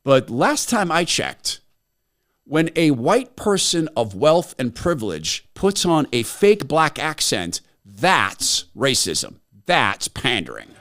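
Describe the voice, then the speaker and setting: A man's voice: a little high, big pitch swings, takes it slowly, fairly bright tone. A man hosting his own talk show, delivering an opinionated monologue in a sarcastic, emphatic way. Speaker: host.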